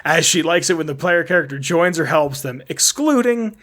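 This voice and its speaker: A man's voice: on the high side, expressive, moderate pace, a bit bright. A young man co-hosting a casual podcast, reading out game trivia in a rambling way and laughing at his own slips. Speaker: podcast co-host. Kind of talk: casual chat.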